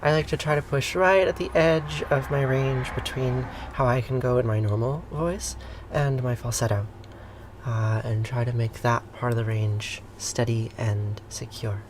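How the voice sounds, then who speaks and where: A livestream host leading a morning breathing and toning practice, with soft, slow cues that sometimes drop to a breathy whisper, greeting viewers by name. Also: mid-range voice, steady tone, background noise. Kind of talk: guided breathing and toning instruction.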